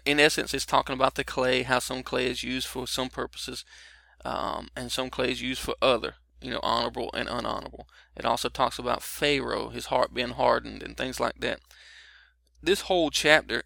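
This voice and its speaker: A man's voice: mid-range voice, gravelly, pushed and bright, no room sound. A middle-aged man giving a casual broadcast Bible teaching, explaining verses in a conversational way with frequent fillers and restarts.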